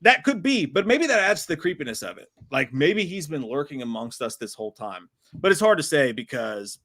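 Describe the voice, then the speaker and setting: A man's voice: on the high side, big pitch swings, brisk, a bit bright. Laid-back, profane male podcast host. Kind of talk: casual live-stream chat.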